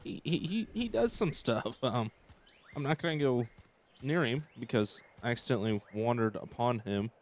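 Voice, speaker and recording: A man's voice: medium pitch, expressive, normal speed, darkish tone. A young man giving casual let's-play commentary, thinking aloud and hesitating often. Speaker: gameplay commentator.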